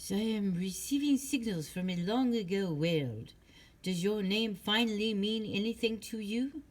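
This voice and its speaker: A woman's voice: medium pitch, unhurried, pitched above the performer's own voice, lightly acted. A woman reading a storybook, voicing a theatrical young fortune-teller with a whispery put-on French accent. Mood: mysterious.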